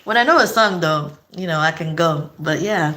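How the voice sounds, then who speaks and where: A woman's voice: low voice, expressive, moderate pace, sharp tone. A young woman from Nigeria chatting casually with her live-stream audience, laughing often and repeating herself.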